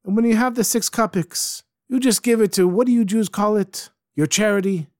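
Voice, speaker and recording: A man voicing a kindly man posing as a woodcutter, speaking slowly and persuasively with a Ukrainian accent. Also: high-pitched, dry recording, studio quality, pitched above the performer's own voice, natural voice. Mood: reassuring. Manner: slow, gently persuasive.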